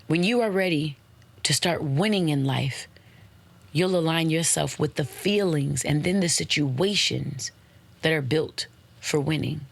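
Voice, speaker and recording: With a creaky voice, this podcast host offers playful, slang-filled motivational chat. She lets out swooping high exclamations and spells web addresses one letter at a time.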